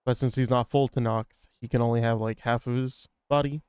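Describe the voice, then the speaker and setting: A man's voice: medium pitch, steady tone, a little fast, a little mellow, clean tone, no echo. A man casually recapping a video game for viewers, rambling and swearing, with lots of fillers. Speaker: gaming streamer. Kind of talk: let's-play recap commentary.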